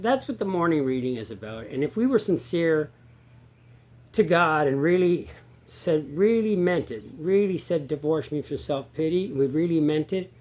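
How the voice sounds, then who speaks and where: Earnest man talking recovery, pitched a bit high. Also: husky. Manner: earnest, repeats himself, swings from loud emphatic to quiet low. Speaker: sobriety coach. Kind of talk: casual recovery talk to viewers.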